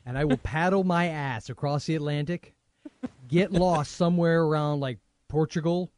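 A man co-hosting a movie podcast in casual chat, teasing and joking with quick asides. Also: fairly high pitch, darkish tone, no echo, studio quality. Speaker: podcast co-host.

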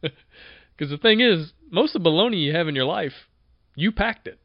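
A man hosting a podcast, talking in an energetic, conversational way and often repeating himself as he goes. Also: fairly high pitch, moderate pace, no room sound, muffled recording. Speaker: podcast host. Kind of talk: casual motivational monologue.

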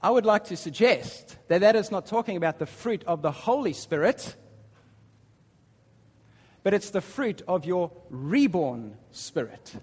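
A man's voice: high voice, very animated, unhurried, a little mellow, husky. A man preaching a sermon, reading scripture aloud and pressing his points with emphatic repetition. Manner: emphatic, repeats words, reads scripture aloud. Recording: long hall reverb.

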